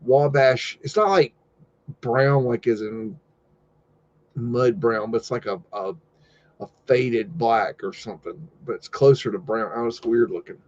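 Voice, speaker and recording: A man hosts a live stream, talking in a loose, rambling way and tossing out jokes and loud exclamations. His voice sits at a medium pitch. The recording sounds a little dull and lo-fi. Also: measured pace, no echo. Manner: rambling, joking, easygoing asides and loud exclamations. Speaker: host. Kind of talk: casual live-stream commentary over old photos.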